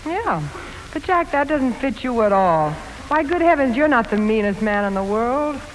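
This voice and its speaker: A woman's voice: fairly high pitch, animated, moderate pace, a little hiss or hum. A woman guest on a 1940s radio comedy, trading teasing, mock-sweet lines with the host. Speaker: guest actress. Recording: 1940s radio broadcast in a reverberant hall.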